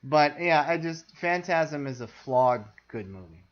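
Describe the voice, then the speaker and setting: A man's voice: a little high, animated, measured pace, highs cut off. A man co-hosting a casual film discussion podcast, wry, opinionated and teasing. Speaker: podcast co-host.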